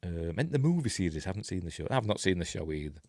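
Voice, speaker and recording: A man's voice: low voice, sing-song, fast talker, a little mellow, no room sound, clean studio sound. Yorkshire man rambling through a film review. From Yorkshire, England. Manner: rambling, chuckling asides, many fillers. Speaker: host of a film review show. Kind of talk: casual film breakdown, chatting with live viewers.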